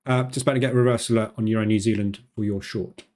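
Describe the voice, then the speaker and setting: A man hosts a live stream, talking quickly and informally. His delivery is loose and chatty, full of fillers and quick asides. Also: fairly low pitch, steady tone, a little mellow. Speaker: live-stream trading host.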